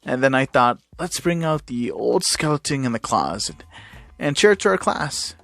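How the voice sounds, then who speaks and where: A man voicing a polite but teasing teenage boy who speaks quietly with a sarcastic edge. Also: medium pitch, moderate pace, dry recording.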